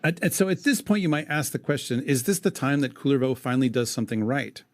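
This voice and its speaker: A man's voice: medium pitch, animated, fast. A man co-hosting a podcast, reading an old epic poem aloud in a dramatic way and breaking off for wry comments. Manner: dramatic recitation broken by wry asides. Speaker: podcast co-host.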